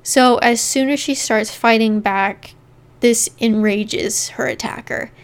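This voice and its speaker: A woman's voice: a little high, steady tone, takes it slowly. A woman co-hosting a podcast, casually telling a true-crime story and often saying "like" as she goes. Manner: chatty, leans on "like" while narrating.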